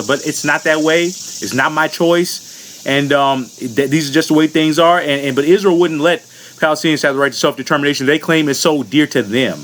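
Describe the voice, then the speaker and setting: A man's voice: on the high side, a bit bright, a little hiss or hum. A man from the United States delivering a furious, profane political rant into the camera as a vlogger, blunt and unfiltered. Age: adult.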